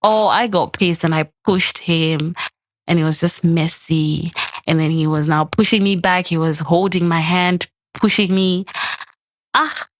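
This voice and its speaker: A woman's voice: fairly low pitch, a little slow, no room sound. A young adult woman, a podcast guest, telling a personal story in casual chat and acting out the quoted lines. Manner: animated, acts out quoted dialogue.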